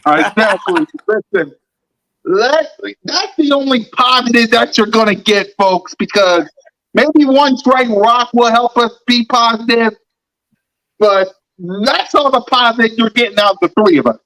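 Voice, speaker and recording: A man's voice: very high-pitched, lively intonation, measured pace, a bit bright, rough recording. A man hosting a fan sports talk show, ranting in a heated, mocking way and repeating lines for emphasis.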